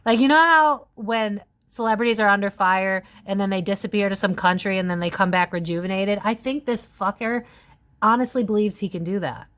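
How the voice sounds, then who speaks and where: A woman in her thirties chats through a tarot reading in a casual, rambling way. She leans on fillers and lets her pitch jump around as she thinks aloud. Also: brisk. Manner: chatty, filler-heavy, animated pitch swings. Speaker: tarot reader. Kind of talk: casual psychic reading monologue.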